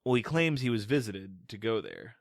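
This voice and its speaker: A man's voice: lowish voice, big pitch swings, moderate pace, gravelly, no echo, studio quality. A man co-hosting a podcast, talking about a film in a wry, profane, casual way. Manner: wry, profane, acts out quotes. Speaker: podcast co-host.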